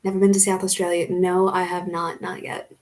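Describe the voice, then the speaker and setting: A woman's voice: fairly low pitch, flat delivery, fairly quick, darkish tone. A young American woman from the Philadelphia area living in Australia, chatting casually while she answers viewer questions in a live stream. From United States, Philadelphia area. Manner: chatty, reads out viewer comments and answers them.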